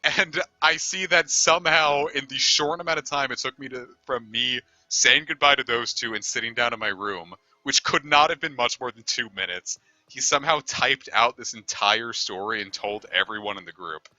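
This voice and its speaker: A man's voice: mid-range voice, moderate pace, bright, forceful tone, no room sound, highs cut off. A man streaming a game, telling a long story in a rambling, easygoing way and swearing casually. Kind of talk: casual storytelling over gameplay.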